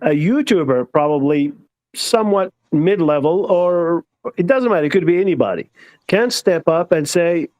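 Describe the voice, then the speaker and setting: A man's voice: on the high side, lively intonation, normal speed, a little mellow. A man from the American South in a casual group voice chat, hesitant and thinking aloud with many fillers. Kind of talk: casual discussion.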